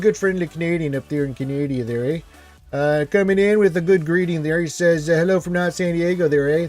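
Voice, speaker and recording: A man hosting a casual gaming live stream, chatting loosely and reading out viewer greetings. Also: on the high side.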